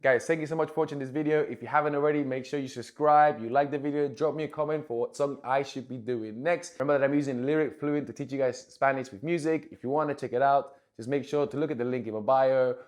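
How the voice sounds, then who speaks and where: A man gives a relaxed Spanish lesson, talking through the material in an easygoing, chatty way. He keeps checking in with his viewers. He slows down when he says examples for them to repeat. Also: medium pitch. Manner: chatty, repeats "okay, guys" often; slow, careful spoken examples for learners. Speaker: Spanish teacher. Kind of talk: casual language lesson.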